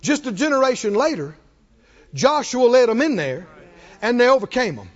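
Male preacher, high-pitched and animated, emphatic call-and-response, church hall reverb. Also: moderate pace. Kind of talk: sermon. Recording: long hall reverb, dull lo-fi sound.

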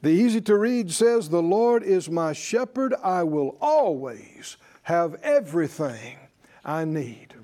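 A man's voice: on the high side, big pitch swings, slow pace, dark tone. A man preaching a sermon to a congregation, emphatic and leading them in call-and-response. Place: church service with congregation.

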